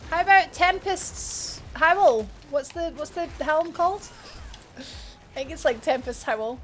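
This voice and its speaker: A woman's voice: sits high, a little slow, fairly bright tone, a little hiss or hum. A woman streaming a video game, chatting with viewers and thinking aloud as she plays, often laughing and gasping. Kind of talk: live gameplay commentary chatting with viewers.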